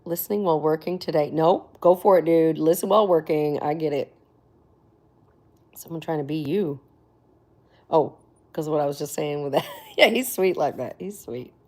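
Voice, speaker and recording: A woman's voice: low-pitched, normal speed, long pauses, mellow. A woman chatting casually with viewers on her livestream, laughing often and sometimes dropping to near whispers. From Florida. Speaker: livestream host.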